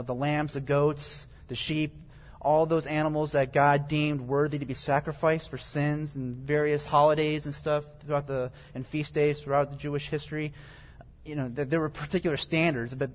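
A man giving a conversational Bible teaching, explaining scripture verse by verse in plain everyday words. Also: a little high. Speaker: preacher. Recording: long reverb, echoey hall.

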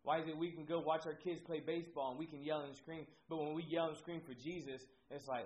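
A man's voice: fairly high pitch, fairly even intonation, quick pace, hardly any pauses, a little mellow. A man from Ohio preaching a sermon with energy, repeating his phrases for emphasis. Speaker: pastor. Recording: dull lo-fi recording with faint noise.

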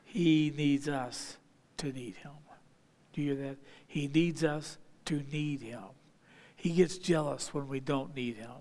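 A man preaching a sermon from the pulpit, his slightly high voice ringing through a hall with a long reverb. He leans hard on repeated phrases, rising to forceful declarations and then dropping to hushed, intimate lines. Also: a little slow. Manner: emphatic, repeats phrases for stress, swings from loud to hushed. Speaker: pastor.

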